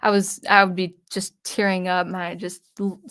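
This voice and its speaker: This channel host, a woman who composes electronic music, speaks at a moderate pace in a lowish, level voice with a slightly bright quality. She recounts a personal story in a relaxed way, restarting often, dropping asides, and voicing remembered conversations with changes in tone.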